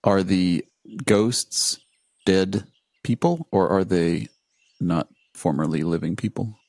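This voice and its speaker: A man's voice: deep voice, takes it slowly, creaky, a little mellow, no room sound. A man on a podcast, asking questions and musing with hesitant "um"s. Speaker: podcast co-host. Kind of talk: casual movie discussion.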